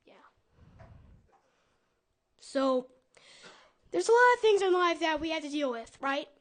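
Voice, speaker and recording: A woman doing a stand-up set at an open mic, rambling and halting with many restarts. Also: sits high, animated, slight background noise. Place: live club stage with audience.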